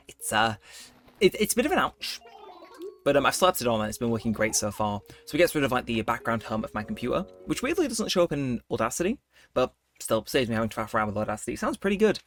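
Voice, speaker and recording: Male let's-play host, rambling and laid-back, swinging intonation, soft game music under him. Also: mid-range voice, very animated, fairly quick. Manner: rambling, chatty, laid-back late-night talk. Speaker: gameplay video host. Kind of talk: casual let's-play commentary. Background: faint game music.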